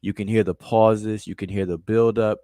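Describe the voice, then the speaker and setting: A man with a lowish voice talks through his points analytically, stopping now and then to hunt for the right word. His voice sounds dry and close, with no room echo. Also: steady tone, normal speed, dark tone. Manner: analytical, searching for words with fillers. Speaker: co-discussant. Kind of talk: casual discussion.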